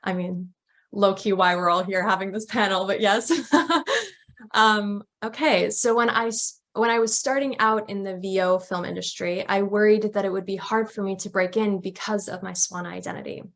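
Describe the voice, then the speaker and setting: A woman moderating a panel discussion, friendly and quick to laugh. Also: mid-range voice, fairly even intonation, fairly bright tone.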